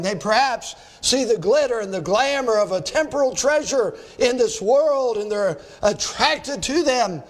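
A man preaching an evening sermon as pastor, climbing to emphatic peaks and sinking to slow, hushed lines. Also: sits high. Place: church service in the evening.

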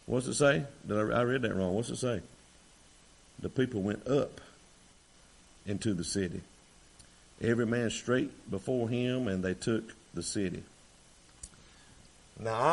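Folksy preacher man. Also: medium pitch. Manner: folksy, rising to fervent shouts. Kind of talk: sermon.

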